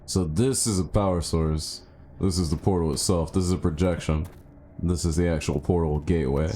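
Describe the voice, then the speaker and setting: A male gaming streamer with a very low voice talks through his play in a loose, casual way. He muses out loud and jumps into excited yelps. A faint hiss sits under the recording. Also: normal speed. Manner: chatty, thinks aloud, bursts into excited yelps. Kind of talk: casual live gameplay commentary.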